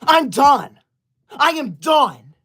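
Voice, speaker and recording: A man's voice: very high voice, very animated, extremely slow, a bit bright, heavily acted. Guy doing a touchy teacher's pet streamer kid, scolds and bans everyone, super dramatic. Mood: indignant. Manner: indignant, scolding, melodramatic outbursts. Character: self-righteous teacher's-pet boy livestreamer, touchy. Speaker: livestreamer. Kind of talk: comedic character skit.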